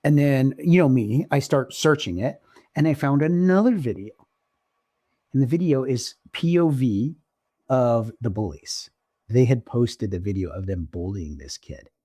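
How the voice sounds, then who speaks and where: A man co-hosting a podcast, telling stories in casual chat and jumping up in pitch when he gets excited. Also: measured pace, no echo, studio quality. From Oregon. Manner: animated storyteller, pitch jumps when excited. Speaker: podcast co-host.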